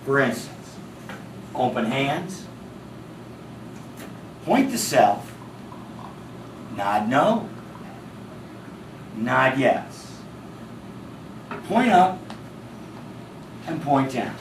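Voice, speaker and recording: A man presenting a class and teaching with a lively, joking manner. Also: medium pitch, very slow, long pauses, a little hiss or hum, rough recording. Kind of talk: instructional presentation.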